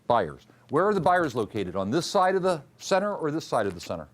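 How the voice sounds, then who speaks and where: Man, trading instructor, classroom lecture, animated delivery, slightly high voice. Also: brisk. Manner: questions the class and drills answers.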